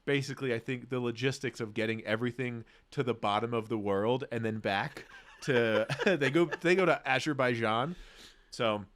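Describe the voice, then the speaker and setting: Young male podcast co-host from Australia, smooth clear voice, easygoing banter. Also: mid-range voice, fairly bright tone. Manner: upbeat, chatty, says "dude" a lot. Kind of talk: casual chat.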